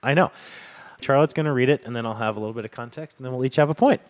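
A man's voice: mid-range voice, rapid-fire, dry recording. A man co-hosting a casual church podcast, chatty and easygoing, with lots of fillers. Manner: relaxed, chatty, many fillers and murmured agreement. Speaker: podcast co-host.

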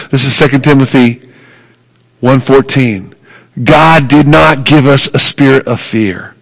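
A man's voice: medium pitch, vocal fry, poor audio. A man preaching a sermon as pastor, earnest and emphatic, repeating phrases for weight.

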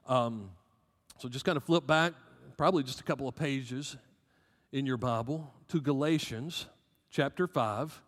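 A man's voice: mid-range voice, unhurried, in a large hall. A man with a Southern American accent preaching a sermon as pastor, emphatic, rising and dropping in volume.

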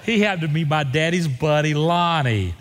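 A middle-aged pastor preaching a sermon, moving from folksy storytelling to fervent exhortation. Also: male voice, fairly high pitch, lively intonation, normal speed. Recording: reverberant church hall.

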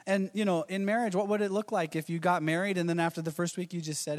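Male pastor, thirties, slightly high voice, storytelling sermon style with chuckles; echoing church hall. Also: steady tone, fast.

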